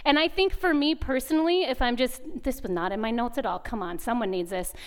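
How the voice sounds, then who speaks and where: A woman gives a conversational devotional talk at a retreat chapel, her voice high and strikingly clear. She tells stories with animation and candour, slipping into the voices of the people in them. Her delivery stays chatty and open rather than formal. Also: brisk. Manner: animated storytelling, acts out dialogue; laughs often, candid and confessional. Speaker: women's retreat speaker.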